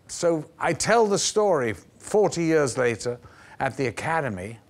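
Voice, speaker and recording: Older man telling lively anecdotes. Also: fairly high pitch, a little slow. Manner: lively raconteur who acts out the voices in his stories. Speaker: actor guest. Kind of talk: anecdotal interview storytelling. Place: television studio.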